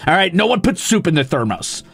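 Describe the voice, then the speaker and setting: A young man streaming casually, reading viewer comments aloud and ranting with lots of swearing, flipping between outrage and mock calm. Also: high-pitched, fairly quick, vocal fry, slightly rough. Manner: profane, excitable ranting that swings to mock calm.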